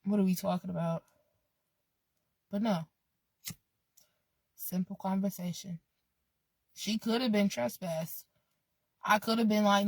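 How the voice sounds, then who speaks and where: A woman's voice: medium pitch, steady tone, unhurried, long pauses, dry recording. A woman vlogging in a casual, rambling way, laid-back, swearing freely and drifting off on tangents. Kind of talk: casual rambling vlog talk.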